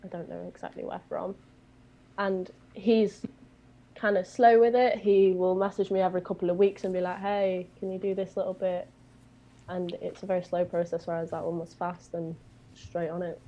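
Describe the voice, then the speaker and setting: Chatty British woman, low voice. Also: level tone, normal speed, dark tone, muffled recording. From Britain. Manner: chatty, rambling storytelling with fillers. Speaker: guest singer. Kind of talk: casual chat.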